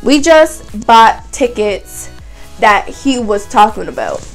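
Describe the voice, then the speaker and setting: A young woman from Canada telling a casual storytime vlog, animated, with lots of "like" and voiced quotes of other people. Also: a little high, a little slow, faint music behind, rough recording. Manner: animated retelling, heavy use of "like", voices other people's lines. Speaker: vlogger.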